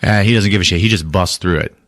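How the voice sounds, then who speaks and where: A man hosting a podcast who recaps a movie in a casual, profane, animated way, laughing often. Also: deep voice, fast, dry recording, studio quality. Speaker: podcast host.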